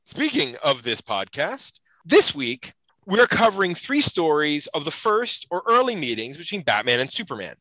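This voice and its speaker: A man hosting a podcast in casual chat, telling stories with animated energy on a close mic. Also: fairly high pitch, moderate pace, no room sound, rough recording. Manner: animated, lively storytelling. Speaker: podcast host.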